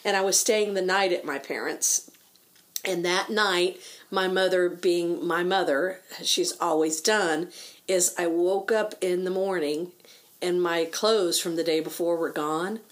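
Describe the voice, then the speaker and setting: A woman telling a personal story in casual conversation, with a quick, lively delivery. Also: fairly low pitch. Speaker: guest sharing a story.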